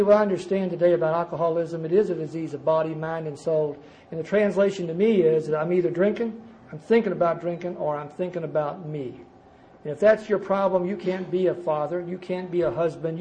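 Older man, personal recovery testimony, storytelling, emphatic, loud bursts and quiet asides, slightly high voice. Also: a little hiss or hum, poor audio. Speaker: speaker at a recovery conference. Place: conference gathering before a live audience.

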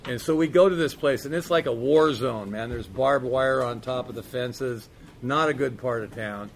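A man with a mid-range voice speaks at normal speed, candidly recounting his recovery story in a casual, profane style full of "man" and "you know." There's slight background noise.

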